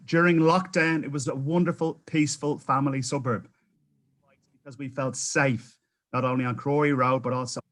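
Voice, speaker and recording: A man's voice: mid-range voice, fairly bright tone, low-quality recording. A New Zealand man giving impassioned public testimony at a council hearing, pleading his case with frequent restarts.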